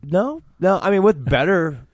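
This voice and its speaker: Rambling, expressive man on a podcast. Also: high-pitched, moderate pace, no echo, studio quality. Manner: rambling, good-humored. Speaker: podcast co-host. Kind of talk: casual podcast chat.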